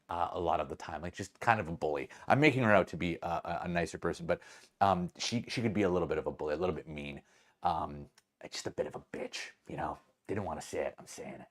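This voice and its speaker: Rambling man telling a story. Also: deep voice. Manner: rambling with many fillers, restarts and laughs. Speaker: podcast host. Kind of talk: casual storytelling.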